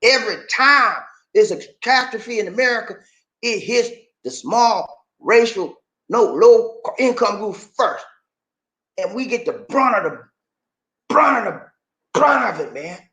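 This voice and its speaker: A man hosting a vlog, ranting with preachy repetition, sometimes shouting, then sighing to calm himself down. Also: sits high, a little slow, echoey room. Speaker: YouTube dating channel host. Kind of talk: impassioned vlog rant.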